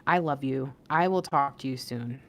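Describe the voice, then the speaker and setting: A woman's voice: very deep voice, moderate pace. A woman hosting an intuitive spiritual reading, talking casually and reassuringly to her viewers, rambling a little with fillers and restarts. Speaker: intuitive reader and channel host.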